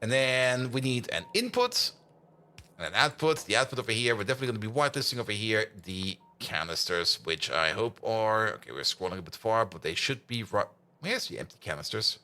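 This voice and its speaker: A man's voice: on the low side, big pitch swings, fairly quick, pushed and bright. A man streaming a game, chatting casually, teasing his bot and laughing often. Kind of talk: casual gaming commentary.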